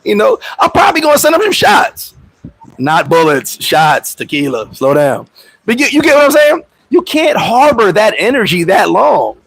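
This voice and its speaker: A high-voiced man holds a casual livestream chat, his husky voice leaping up and down. He talks in street slang, laughs often, and acts out quick scenes in put-on voices. The sound is close and dry. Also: huge pitch swings, fairly bright tone, dry recording, poor audio. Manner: loose street slang and profanity. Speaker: expat vlogger and livestream host.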